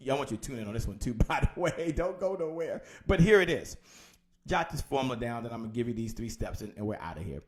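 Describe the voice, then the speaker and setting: A man hosting a live-streamed motivational sales coaching session, energetic and repetitive, calling out viewers by name. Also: medium pitch, fast. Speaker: host.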